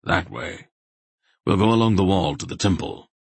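A man reading the lines of a grim old male sorcerer who gives quiet, clipped commands in an audiobook. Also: low voice, normal speed, vocal fry, husky, no room sound, exaggerated voice.

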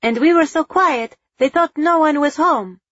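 A woman voicing a young boy in a storybook reading, first frightened and then proud, who shouts excitedly. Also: high-pitched, unhurried, dry recording, muffled recording, pitched above the performer's own voice.

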